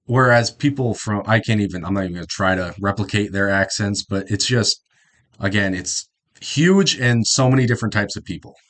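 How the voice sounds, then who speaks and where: Young man, Midwestern accent, fairly low voice, casual rambling reaction commentary. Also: a little fast, a bit bright. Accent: Midwestern American. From South Dakota, US Midwest. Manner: rambling, informal, self-correcting. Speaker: reaction video host.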